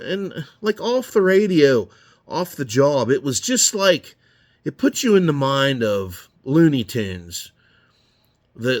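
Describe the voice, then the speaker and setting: A middle-aged man telling rambling, profane stories in a blunt, casual way while he works in his garage. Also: mid-range voice. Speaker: garage owner. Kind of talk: casual storytelling while working.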